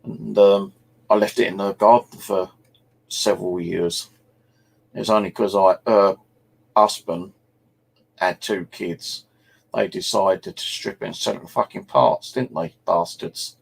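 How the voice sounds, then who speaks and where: A man's voice: low voice, fairly even intonation, a little slow, vocal fry, slightly rough. A middle-aged man from England, telling rambling, sweary anecdotes as host of a casual chat. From South East England. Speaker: channel host.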